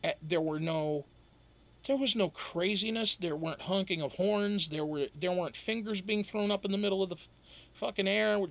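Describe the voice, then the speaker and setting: A man with a high voice and a gravelly, creaky edge. He chats casually on a live stream, rambling and swearing freely, often breaking into laughs. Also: normal speed. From United States. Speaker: show host.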